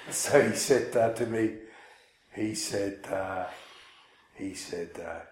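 A man tells a personal story in a loose, rambling way and pokes fun at himself as he goes. His voice sits low. The room around him is echoey. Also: takes it slowly, a little mellow, a little hiss or hum. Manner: rambling, self-mocking, many fillers and restarts. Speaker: speaker telling a personal story to listeners. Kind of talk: casual storytelling talk.

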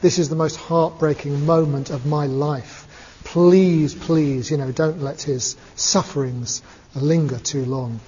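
A man's voice: fairly high pitch, fairly even intonation, takes it slowly, mellow, slightly rough. A man voicing a heartbroken king who pleads in a told story. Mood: pleading. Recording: dull lo-fi recording, long reverb.

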